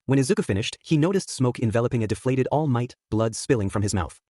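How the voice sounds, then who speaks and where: A man reads a fan fiction story at a quick clip, his voice husky and a little rough around the edges. The sound is dry and close, with no room around it. He lifts his pitch to voice the characters in between the narration. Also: expressive, dark tone, dry recording. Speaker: fanfic narrator.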